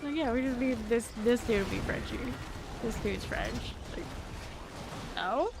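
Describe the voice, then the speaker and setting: A woman streaming a video game, chatting casually with her viewers and reacting with quick asides and laughs. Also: on the high side, creaky, heavy background noise. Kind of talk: casual chat while playing.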